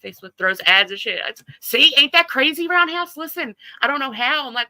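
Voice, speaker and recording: A woman's voice: high-pitched, lively intonation, brisk, few pauses, pushed and bright, dry recording, rough recording. A woman hosting a casual livestream chat, talking loosely, laughing often and swearing freely. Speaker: livestream host.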